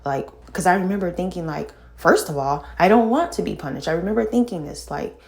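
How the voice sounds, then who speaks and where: Low gravelly-voiced woman telling her story. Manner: halting, full of fillers and restarts. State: shaken, sighing. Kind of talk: casual personal storytelling.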